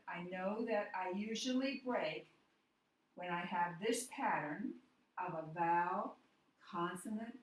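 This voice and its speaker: Woman teacher doing a phonics lesson, slow and careful, sounds far from the mic in a really echoey room. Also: lowish voice, slight background noise. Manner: slow, deliberate, spells words out letter by letter.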